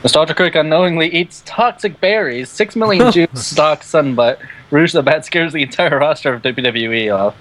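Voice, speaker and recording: A man's voice: a little high, expressive, normal speed, fairly bright tone, slight background noise, low-quality recording. A young man hosting a video, reading out simulated game events to friends and laughing along. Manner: laughing, joking reader. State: on pain medication. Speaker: video host.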